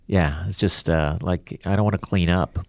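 A man hosting a casual podcast, talking in a loose, rambling, joking way with the odd curse. His voice sits fairly low. The sound is dry and close to the mic. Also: steady tone, moderate pace, gravelly, a little mellow, no echo. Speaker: podcast host. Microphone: studio microphone.

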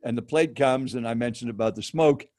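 A man's voice: medium pitch, brisk, no echo, clean studio sound. A professional speaker, a man, telling a personal anecdote and turning to his listener with direct questions. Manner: lively storyteller, addresses listener directly. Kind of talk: personal anecdote told to a host.

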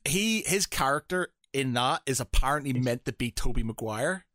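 A man co-hosts a relaxed podcast chat and tells a story in a rambling way, stopping and restarting as he goes. His voice sits at an ordinary pitch. The sound is dry, with no room around it. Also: normal speed, no echo. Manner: rambling, self-interrupting storyteller. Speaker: podcast co-host. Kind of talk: casual chat.

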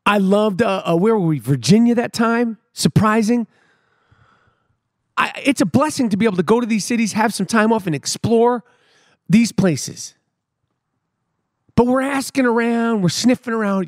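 A man's voice: high voice, moderate pace, pauses often, no room sound, clean studio sound. A middle-aged man, hosting a podcast and telling a comic story with emphatic repetition and street slang. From New York City. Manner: animated, emphatic, repeats words for effect, street slang. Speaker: podcast host. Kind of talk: comedic storytelling monologue.

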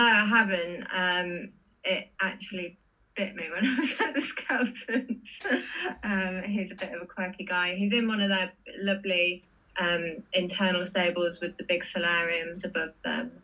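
A woman's voice: on the low side, fairly even intonation, a little slow, bright, forceful tone. A woman chatting about her horse racing picks, giggling often between points. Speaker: racing tipster panelist. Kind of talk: casual racing tips discussion. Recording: dull lo-fi audio.

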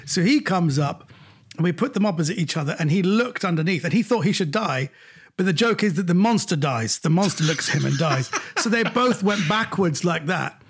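A middle-aged man from England, an actor guest telling lively anecdotes in casual conversation. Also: high voice, fairly quick, husky. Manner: lively, animated storyteller.

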